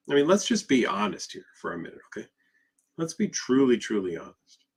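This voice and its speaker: A man's voice: mid-range voice, sing-song, a little fast, breathy edge. A man who is a therapist, answering questions in a live session in an emphatic, conversational way, full of rhetorical questions. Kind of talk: live Q&A talk.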